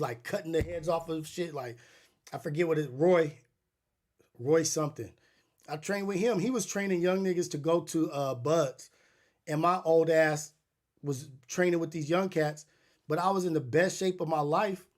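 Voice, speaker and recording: A middle-aged man hosting a podcast, telling stories in a loose, profane, rambling way with many restarts. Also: on the high side. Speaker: podcast host. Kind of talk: casual storytelling monologue.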